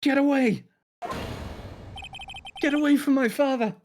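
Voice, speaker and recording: A man's voice: steady tone, a little fast, fairly bright tone, a little hiss or hum. A man doing a terrified shrieking little boy. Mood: panicked. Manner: high panicked cries. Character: terrified young boy screaming for his father. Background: video game music.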